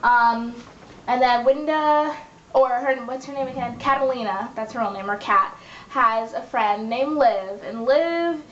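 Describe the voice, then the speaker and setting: Recapping her web series in a relaxed vlog, a young woman performs the characters' lines as she goes. Her fairly high voice keeps a measured pace, while the recording sounds dull and lo-fi, echoing a bit with a faint hiss.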